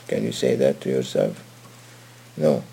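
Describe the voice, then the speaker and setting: A man's voice: a bass voice, measured pace, gravelly, mellow, husky. A man preaching to a group, telling a story and asking his listeners questions, with lots of repetition. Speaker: religious teacher. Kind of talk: storytelling sermon.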